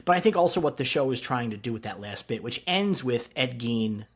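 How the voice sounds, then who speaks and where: A man's voice: mid-range voice, brisk, breathy edge. A man co-hosting a podcast, chatting casually and analytically about a TV show. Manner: animated and analytical, with frequent laughs. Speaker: podcast co-host.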